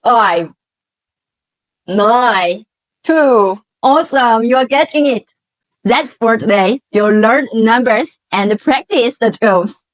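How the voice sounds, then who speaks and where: Slow, patient teacher, woman. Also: fairly high pitch, lively intonation, no room sound. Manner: slow, patient, with deliberate drilled pronunciation. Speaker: Chinese language teacher. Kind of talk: slow language lesson for learners.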